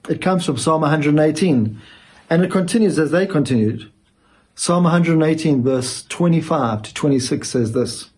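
A male pastor giving a sermon, speaking emphatically with dramatic pauses. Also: on the high side, darkish tone, slightly rough.

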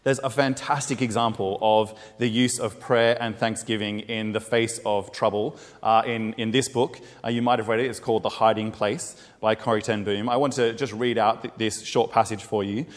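A man's voice: lowish voice, steady tone, normal speed, few pauses. A man preaching a sermon in an earnest, plain-spoken way, recorded in a reverberant church. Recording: reverberant hall.

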